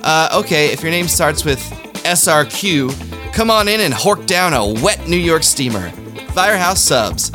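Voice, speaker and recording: A man hosting a satirical news monologue with deadpan delivery and self-deprecating asides. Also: fairly high pitch, normal speed, over music. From Kansas City area. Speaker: comedy news host.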